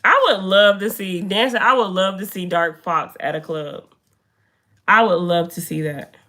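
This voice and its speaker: A young woman chatting casually on a live stream in a room indoors, talking to her viewers by name in an animated way. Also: medium pitch, normal speed. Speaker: livestreamer.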